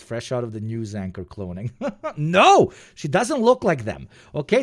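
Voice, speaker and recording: A man's voice: medium pitch, a little mellow, no room sound, studio quality. A male streamer giving casual reaction commentary in a rambling, profane, joking way.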